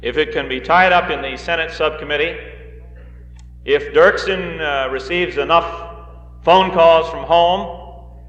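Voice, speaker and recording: In a fairly high pitch and a fairly bright tone, the man speaks a little slowly, giving a live political speech as guest speaker at a rally. Folksy, with joking asides and frequent hesitant fillers, he fills a large hall captured on a roomy, dull 1960s reel recording.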